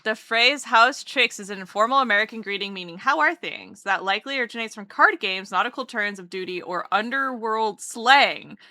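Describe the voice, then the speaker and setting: A rambling, playful woman streamer chats with her viewers as she draws. Her voice is very bright and sits a little high. The sound is close and dry, with no room echo. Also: animated, moderate pace, few pauses. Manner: chatty, rambling and playful, greets chat warmly. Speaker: streamer and artist. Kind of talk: casual livestream chat while drawing.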